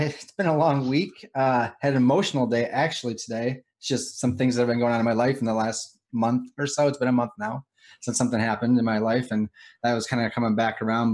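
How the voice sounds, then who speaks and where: A man chatting casually and earnestly about a hard week, halting and restarting. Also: medium pitch. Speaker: tabletop game player. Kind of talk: casual chat.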